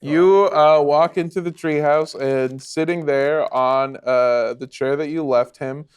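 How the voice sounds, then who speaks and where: A man narrating a tabletop role-play as game master, relaxed, with many fillers. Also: on the high side, takes it slowly, smooth.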